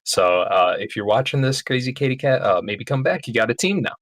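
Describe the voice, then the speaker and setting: A man's voice: mid-range voice, animated, fairly quick, fairly bright tone, no room sound. A man on a live draft panel, announcing his team's pick in a hesitant, filler-heavy way. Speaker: team general manager. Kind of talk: casual panel talk.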